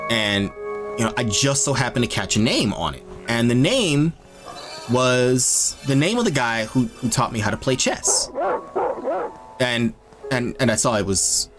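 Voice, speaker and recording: A man streaming a game while telling casual stories in an animated, exasperated way. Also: medium pitch. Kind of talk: casual storytelling while gaming.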